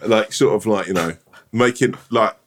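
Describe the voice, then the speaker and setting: A man's voice: on the low side, moderate pace, a little hiss or hum. A man co-hosting a podcast, telling a rambling, self-deprecating story in casual chat and laughing through it. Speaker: podcast co-host.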